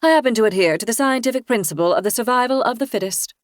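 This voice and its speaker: A woman voicing a haughty, wealthy older mother-in-law who talks in a brisk, condescending way. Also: on the high side, expressive, no room sound, studio quality, pitched above the performer's own voice, lightly acted.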